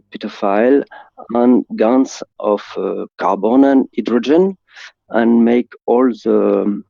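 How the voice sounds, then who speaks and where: Slow, gravelly man from France. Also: mid-range voice, no room sound, dull audio. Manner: hesitant, searching for words. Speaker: caller asking a question.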